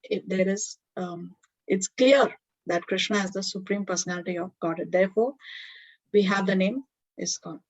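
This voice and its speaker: A woman's voice: medium pitch, moderate pace. A woman teaching a devotional scripture class, explaining earnestly with many fillers and restarts. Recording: dull lo-fi recording.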